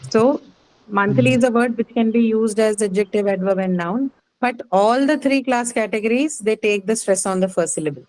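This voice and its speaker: Woman, teacher, patient lecturing, fills pauses with okay and uh. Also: on the high side, a little mellow, slight background noise, rough recording. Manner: patient, explanatory, frequent "okay" and "uh" fillers, asks questions. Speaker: English teacher. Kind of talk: live class lecture on word stress.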